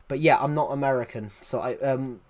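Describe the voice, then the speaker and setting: A man from England with a Southwest English accent chats casually on a live stream, rambling, restarting often, and answering viewers' messages. His voice is medium-pitched and a little mellow, fairly even in intonation, and fairly quick.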